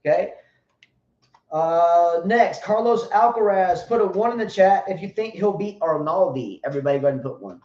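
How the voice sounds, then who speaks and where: A man's voice: high-pitched, expressive, moderate pace, a little mellow. A man co-hosting a live tennis chat show, talking loosely and with plenty of profanity, hyping up the chat. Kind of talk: casual live-stream chat. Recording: roomy, dull lo-fi live-stream audio.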